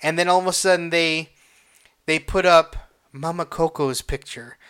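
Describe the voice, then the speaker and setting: A man hosting a casual solo podcast, retelling a movie with heavy swearing and halting restarts, emotional and excitable. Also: a little high, clean tone. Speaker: podcast host.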